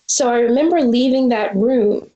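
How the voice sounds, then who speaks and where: A woman in her forties shares a personal story as an interview guest, earnest and reflective. Her voice sits a little high for a woman. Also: moderate pace, mellow, echoey room, highs cut off. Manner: earnest, reflective, acts out quoted dialogue. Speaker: guest filmmaker.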